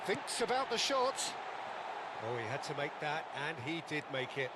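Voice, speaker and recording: Lively football play-by-play caller. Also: male voice, fairly high pitch, moderate pace. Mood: excited. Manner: excitable, rising to shouts on goals. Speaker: football video game play-by-play commentator. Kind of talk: scripted sports commentary. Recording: game audio under stream noise.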